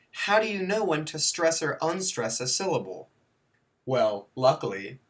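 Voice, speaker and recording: A man reads a scripted video lesson at an unhurried, deliberate pace, with his voice at an ordinary middle pitch. He spells points out one at a time and drops in dry jokes and mock corrections of his own. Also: fairly bright tone. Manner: dry joking asides, mock self-corrections; counts and spells out points slowly. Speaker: teacher.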